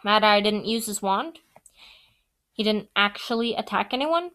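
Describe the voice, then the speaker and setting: A woman reading aloud, voicing a kindly father who is rushing off to work. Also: sits high, animated, pushed and bright, full character voice. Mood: hurried. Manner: brisk and hurried.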